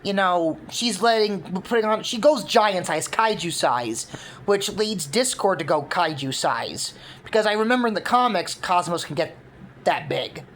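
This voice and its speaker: A woman's voice: fairly low pitch, lively intonation, normal speed, a little hiss or hum. A woman casually laying out her fan concept for a cartoon, rambling with many fillers. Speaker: fan video creator.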